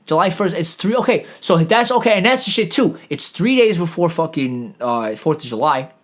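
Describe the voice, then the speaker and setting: A man's voice: a little high, animated, normal speed. A man holds forth alone on his podcast, talking in loose, profane tangents. He stumbles over his words and restarts his sentences again and again as he goes. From New York. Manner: rambling, profane, lots of restarts and stammering. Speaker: podcast host. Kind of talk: rambling profane monologue.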